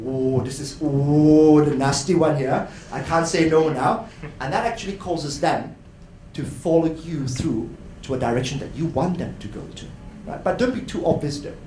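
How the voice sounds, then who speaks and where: A man giving a lively, playful workshop talk at a conference, acting out voices and laughing often. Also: a little high. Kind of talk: lively educational talk to an audience. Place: hotel conference room. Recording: roomy hall with faint noise.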